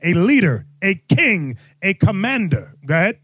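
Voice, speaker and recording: A man preaching and teaching scripture to a crowd, loud and emphatic, calling out his listeners. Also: high-pitched, very animated, moderate pace, husky, no room sound. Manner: loud, emphatic, calls out the audience. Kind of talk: street-style scripture teaching.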